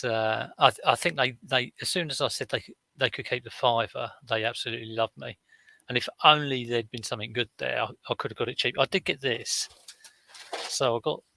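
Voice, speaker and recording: A man's voice: medium pitch, bright, forceful tone, no room sound. A man, chatting casually on a live stream as a reseller, rambling through stories with many fillers and restarts. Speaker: reseller vlogger.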